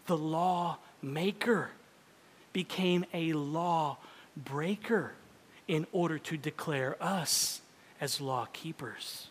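A male pastor preaching a sermon in a dramatic style, swinging between loud emphasis and hushed whispers. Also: fairly high pitch, slow pace, slight background noise. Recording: long reverb of a large hall.

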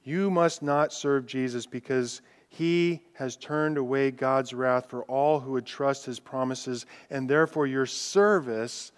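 A male pastor delivers a sermon, swinging between loud declarations and hushed, drawn-out words and reading scripture aloud with rising intensity. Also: mid-range voice, clear, resonant tone. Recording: long reverb from a large hall.

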